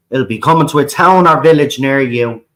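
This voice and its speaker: Poor audio captures an Irish man hosting a livestream and ranting with fiery passion. He swears often, repeats himself and keeps saying "right?", all in an unhurried, medium-pitched voice with a fairly bright tone.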